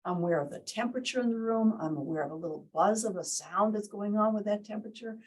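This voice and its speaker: A woman leading a workshop speaks fast in a medium-pitched voice with a darkish tone, captured on a low-quality recording. Indoors in a meeting room, she teaches and quizzes the group interactively, showing off different tones of voice.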